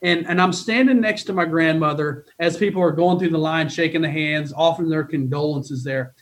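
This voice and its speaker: A man's voice: a little high, fairly quick, a bit bright. Earnest, emotional middle-aged male coach. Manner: earnest, emotional storytelling with many restarts. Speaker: college baseball coach. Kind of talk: podcast interview.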